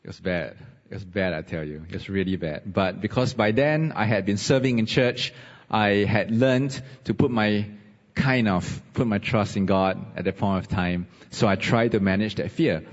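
Husky pastor in a reverberant hall. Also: male voice, lowish voice, normal speed. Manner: animated storytelling, rising emphasis. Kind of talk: sermon with personal story. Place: church hall. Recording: husky voice, dull sound, long reverb.

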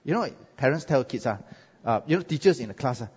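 A male pastor with a Singaporean English accent preaches, his voice a bit husky and swinging widely up and down. He jokes and checks in with the crowd. The sound is muffled, with a long hall echo. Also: medium pitch, fast talker. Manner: lively, joking, asks the crowd "right?". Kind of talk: sermon.

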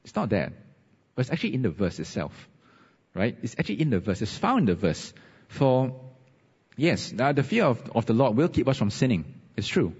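Male pastor, husky, animated storyteller, recorded dull and echoey in a church hall. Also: medium pitch, normal speed, pauses often. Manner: animated storytelling, rising emphasis. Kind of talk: sermon with personal story. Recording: husky voice, dull sound, long reverb.

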